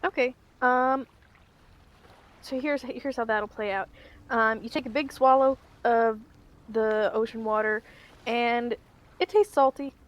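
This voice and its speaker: A woman's voice: on the high side, fairly even intonation, slow, pauses often. A woman running a tabletop game as game master. She narrates in a rambling way, with lots of ums and restarts.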